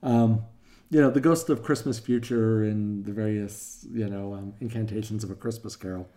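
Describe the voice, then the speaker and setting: Rambling older male teacher, mellow voice. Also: fairly low pitch, steady tone, moderate pace. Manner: rambling, filler-heavy storytelling with quoted voices. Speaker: teacher of a class on death. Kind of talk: casual classroom talk.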